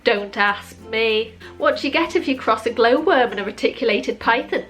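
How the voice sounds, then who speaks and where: A woman reading a long list of pun jokes, landing the punchlines slowly and dryly and adding wry asides. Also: high-pitched, faint music behind. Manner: dry, slow deadpan punchlines with wry self-commentary. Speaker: joke video creator.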